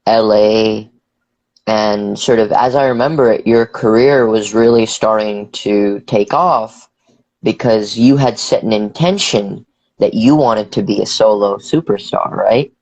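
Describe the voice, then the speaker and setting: Slow-talking male podcast host. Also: fairly low pitch, rough recording. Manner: unhurried, soft listening sounds. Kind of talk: interview questions.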